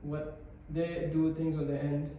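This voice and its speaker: Flat-voiced man in an echoey room. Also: fairly high pitch, unhurried, highs cut off, slight background noise. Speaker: student. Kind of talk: classroom discussion. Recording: echoey room, mic far off.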